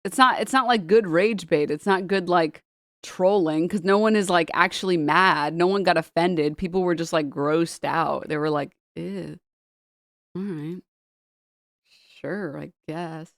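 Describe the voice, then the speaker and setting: A woman's voice: fairly low pitch, normal speed, no room sound, clean studio sound. A woman streamer chatting casually, reading posts aloud and swearing a lot as she laughs.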